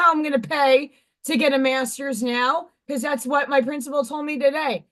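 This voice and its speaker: A woman in her forties hosting a livestream, her voice hoarse and partly gone, venting bluntly and profanely with exasperation. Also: sits high, steady tone, normal speed, few pauses, fairly bright tone. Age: 40s. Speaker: livestream host. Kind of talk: casual venting livestream chat.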